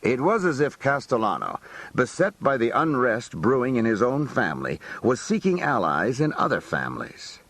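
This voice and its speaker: Husky man telling a streetwise story. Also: medium pitch, wildly swooping pitch, normal speed, a bit bright, no room sound. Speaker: audiobook narrator. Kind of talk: first-person memoir narration.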